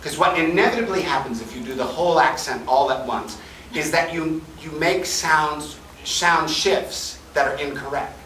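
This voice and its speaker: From the back of a large convention panel room, a fan's camera catches a Chicago man running a lively voice-acting panel, joking, demonstrating sounds and fielding audience questions. His voice is fairly high at a normal speed, and the far-off, echoey recording has slight background noise.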